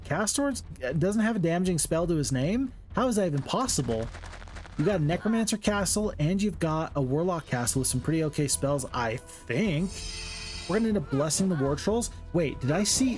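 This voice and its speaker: A man talks through a strategy-game playthrough in a casual, joking way, breaking into excited outbursts now and then. He sounds tired from the late hour, and his voice sits a little higher than most men's. Quiet game music plays underneath. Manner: chatty, jokey, excitable outbursts. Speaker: gaming commentator. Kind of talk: casual let's-play commentary.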